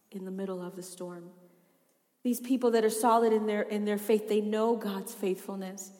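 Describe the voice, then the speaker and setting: A woman pastor preaching a sermon, swinging between loud passionate pleas and hushed asides. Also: a little high. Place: church hall. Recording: long hall reverb.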